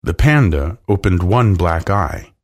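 Deep-voiced man reading a children's story. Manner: slow, expressive reading. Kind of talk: children's story read aloud.

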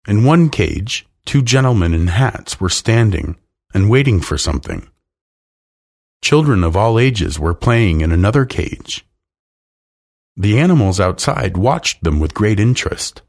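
A man reading a children's storybook aloud in a calm, measured way. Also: lowish voice, vocal fry. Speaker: narrator.

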